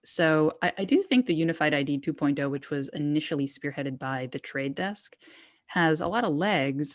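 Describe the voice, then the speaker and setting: A woman's voice: sits low, no room sound, studio quality. A woman guest on an interview podcast, talking candidly and casually, loose with slang. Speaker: guest, trade journalist.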